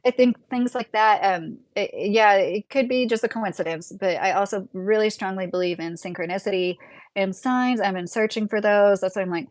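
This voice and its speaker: Woman host, casual rambling chat, mid pitch, dry close mic. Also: fairly quick, no room sound. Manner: chatty, rambling, frequent "like" fillers. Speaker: podcast host.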